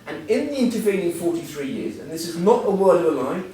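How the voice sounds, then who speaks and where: A man's voice: high voice, animated, fast, mellow, a little hiss or hum. A man in his sixties giving a humorous, self-deprecating talk as a guest speaker, full of anecdotes. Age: 60s. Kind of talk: anecdotal after-dinner talk. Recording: echoey hall, mic at a distance.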